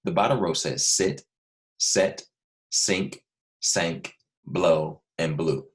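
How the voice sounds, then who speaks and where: Patient deep-voiced male teacher. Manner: patient, repeats key points slowly. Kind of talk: recorded video lesson for young students.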